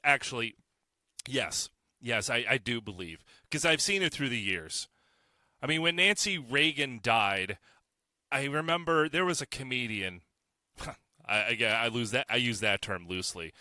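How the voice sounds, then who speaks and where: Brash male podcast host, bright and lively, close dry mic. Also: mid-range voice, dry recording. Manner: blunt, profane, sarcastic, heated. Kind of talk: solo opinion podcast rant.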